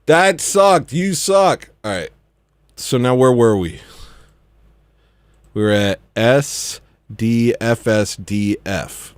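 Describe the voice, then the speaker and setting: A man's voice: lowish voice, slow, pauses often, darkish tone, smooth, dry recording. A young man hosting a comedy livestream, rambling and joking as he reads the chat, laughing often. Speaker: livestream host.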